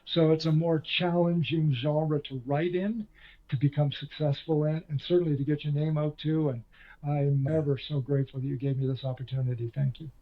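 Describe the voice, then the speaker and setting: A man's voice: on the high side, little pitch movement, normal speed, dull audio. An older man, a former radio host and author, chatting in an interview in a self-deprecating storytelling way. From Canada. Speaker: author guest. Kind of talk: conversational interview.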